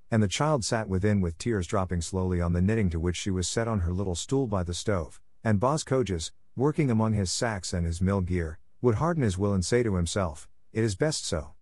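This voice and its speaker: A man narrating a classic novel in a measured, gentle reading. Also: low-pitched, no room sound. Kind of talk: scripted storybook narration.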